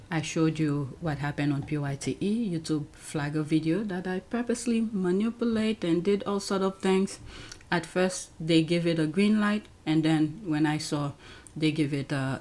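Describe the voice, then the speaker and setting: A woman with a deep, darkish voice runs her own YouTube channel, speaking at normal speed. She chats casually as she works through clips on screen, exclaiming frequently in her reaction commentary.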